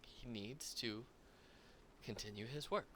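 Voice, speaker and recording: A man voicing a calm, cool cat-like female boss who speaks quietly and without hurry. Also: medium pitch, slight background noise. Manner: quiet and unhurried.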